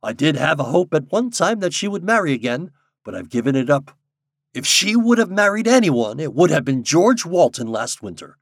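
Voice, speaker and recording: A man voicing a hearty, bossy older gentleman who teases and boasts loudly. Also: very animated, normal speed, no echo, studio quality. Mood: jovial. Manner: booming, boastful, teasing.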